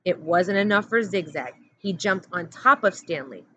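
A woman teacher reading a chapter book aloud in a steady, plain narrating voice. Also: fairly low pitch, normal speed. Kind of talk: storybook read-aloud. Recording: dull lo-fi audio with faint hum.

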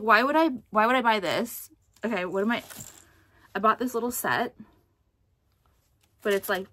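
With a medium-pitched, fairly bright voice, a young American vlogger talks casually and rambles. Her speech is packed with fillers and curse words, and she periodically erupts in outrage.

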